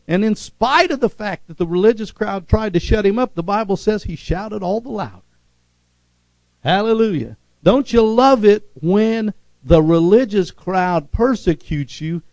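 A man preaching, his voice sitting a little high with a gravelly rasp. He calls on the congregation for amens and moves between fervent, raised passages and soft, hushed ones. The sound is close and dry. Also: animated, normal speed, no echo, low-quality recording. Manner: call-and-response preaching, rising to shouts then dropping low. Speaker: pastor. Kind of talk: sermon.

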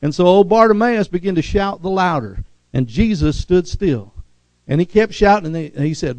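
A man preaching, his voice sitting a little high with a gravelly rasp. He calls on the congregation for amens and moves between fervent, raised passages and soft, hushed ones. The sound is close and dry. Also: expressive, a little fast, no room sound, low-quality recording. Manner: call-and-response preaching, rising to shouts then dropping low. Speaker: pastor. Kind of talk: sermon.

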